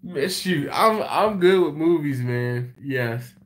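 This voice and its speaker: A man's voice: on the high side, slow. A man hosting a livestream, chatting casually with viewers and telling movie stories. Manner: laughing, animated storytelling. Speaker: BBQ channel host on a livestream. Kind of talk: casual chat reading viewer comments.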